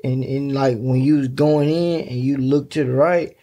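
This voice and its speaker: Dark gravelly laid-back man. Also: medium pitch, fairly even intonation, normal speed. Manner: laid-back, encouraging, slangy. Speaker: podcast host. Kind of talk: casual chat.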